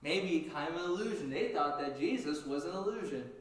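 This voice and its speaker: A man preaching a sermon in a lively, animated way, jumping up in pitch as he acts out what people said. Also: brisk. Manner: animated, acts out quotes with sudden high pitch jumps. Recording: echoey room, distant from mic.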